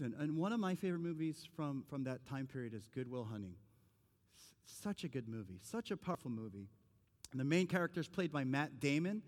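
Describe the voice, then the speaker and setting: A middle-aged male pastor preaches with a conversational, earnest delivery, climbing to emphatic peaks on key phrases. His voice sits at an ordinary middle pitch. The sound carries the long reverb of a large church hall. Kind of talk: sermon.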